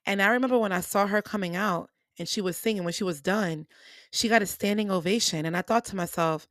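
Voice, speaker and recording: Animated woman telling a personal story. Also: mid-range voice, moderate pace, no room sound, studio quality. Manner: animated, acts out quoted voices, addresses listeners as y'all. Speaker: podcast host.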